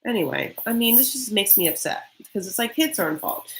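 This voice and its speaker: A woman's voice: medium pitch, lively intonation, fairly bright tone, a little hiss or hum. Blunt, sassy woman ranting a recap. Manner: mocking, with quick acted-out quotes. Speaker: recap vlogger.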